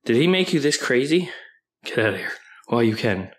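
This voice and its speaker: A man making a casual home vlog at night, playfully scolding his dog and jumping into a high sing-song voice. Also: big pitch swings, fairly quick. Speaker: vlogger. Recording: echoey room, voice far from the mic, faint noise.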